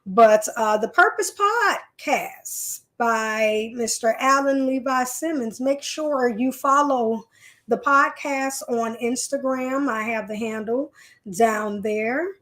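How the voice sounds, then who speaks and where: A woman with a fairly high, slightly bright voice speaks slowly. She hosts a live stream in a chatty, folksy way, talking straight to her viewers while dealing with leg pain.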